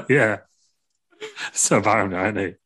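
A man's voice: lowish voice, very slow. A man co-hosting a casual wrestling podcast chat, blunt and swearing freely. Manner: blunt, swears, animated opinions. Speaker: podcast co-host.

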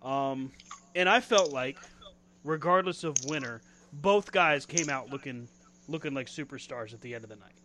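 A man hosting a casual wrestling podcast, talking in an animated way with dramatic pauses and frequent laughter. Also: mid-range voice, noisy background. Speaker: podcast host.

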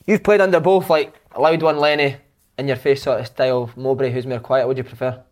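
A man's voice: medium pitch, steady tone, a little fast, darkish tone. A man hosting a casual football podcast, asking the players questions. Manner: easygoing, asks questions. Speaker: podcast host, player-coach.

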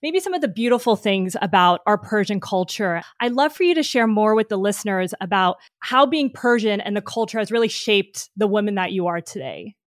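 A woman's voice: mid-range voice, expressive, brisk, hardly any pauses, no room sound, clean studio sound. A woman hosting a podcast interview, speaking in an earnest, heartfelt way. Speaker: podcast host.

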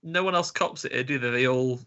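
A man's voice: medium pitch, a little fast, pushed and bright, lo-fi sound. A man co-hosting a casual film commentary chat, wry and chatty with some swearing. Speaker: podcast co-host.

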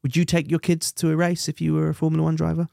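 A man's voice: a little high, monotone, fast, creaky, mellow, dry recording, clean studio sound. Joking male podcast co-host. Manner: jokey, runs through race results with silly voices. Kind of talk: casual chat.

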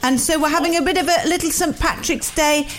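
A woman's voice: high voice, fairly even intonation, a little fast, a little hiss or hum. A woman co-hosting a chatty podcast, giggly and effusive, calling a guest on the phone. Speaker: podcast co-host. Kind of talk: casual chat.

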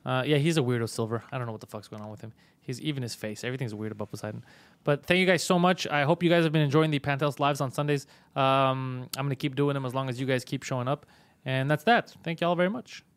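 A male comedian hosting a casual live stream, loud and profane, mock-bullying his co-host. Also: medium pitch, fast, smooth, dry recording.

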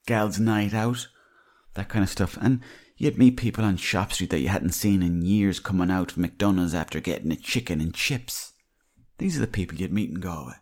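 A low-voiced Irish man talking on his own podcast. He wanders from one anecdote to the next in a loose, chatty way and swears freely as he goes. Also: moderate pace, darkish tone. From Ireland. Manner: rambling, anecdotal, salty language. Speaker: podcast host. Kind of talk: casual storytelling monologue.

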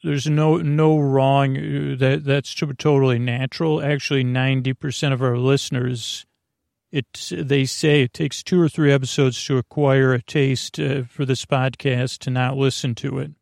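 Rambling, creaky-voiced sleep podcast host. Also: male voice, medium pitch, flat delivery, normal speed, darkish tone, no room sound, studio quality. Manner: meandering, self-deprecating, many restarts and fillers. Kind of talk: rambling bedtime monologue.

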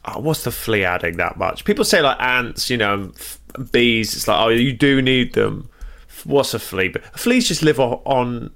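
A man's voice: mid-range voice, sing-song, moderate pace, a bit bright. A man co-hosting a podcast, chatting casually in a wry, teasing way and prompting his friend with questions. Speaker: podcast co-host. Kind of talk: casual chat.

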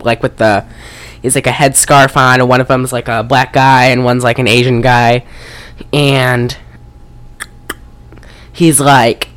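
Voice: medium pitch, level tone, a little slow, pauses often, fairly bright tone. A podcast co-host recapping a movie in a casual, rambling way, full of swearing and fillers. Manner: profane, rambling, frequent fillers.

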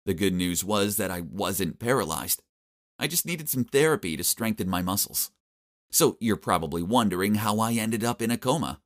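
A man narrating a first-person story in a wry, animated way. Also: fairly low pitch, normal speed.

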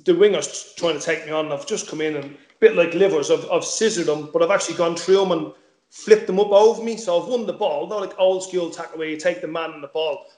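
Fast-talking man, echoey room. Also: on the high side, darkish tone. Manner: chatty, repeats words, swears casually. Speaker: former footballer, guest. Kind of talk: casual interview chat.

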